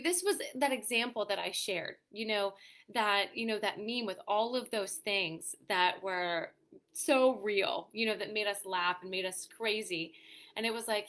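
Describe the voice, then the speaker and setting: Bright chatty woman doing a live stream for moms, lots of um and you know, reading comments out. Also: medium pitch, moderate pace. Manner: chatty, reads viewer comments aloud and answers them; frequent "you know" and "um" fillers. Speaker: host of a weekly live show for mothers. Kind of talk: casual live-stream chat.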